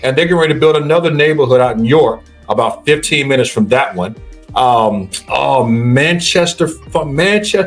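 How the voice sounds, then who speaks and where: A man co-hosting a casual real estate chat, animated, often saying "man" and acting out what clients told him. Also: mid-range voice, moderate pace, faint music behind. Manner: animated, says "man" a lot, acts out quotes. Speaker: real estate agent, co-host. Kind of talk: casual chat about the housing market.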